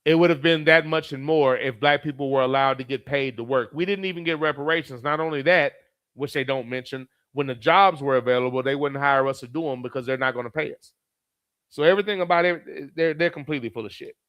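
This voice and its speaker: A man's voice: mid-range voice, fast, dry recording, dull audio. A man who reads viewer comments aloud as a streamer and gives blunt, profane, heated commentary. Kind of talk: profane live commentary reading chat.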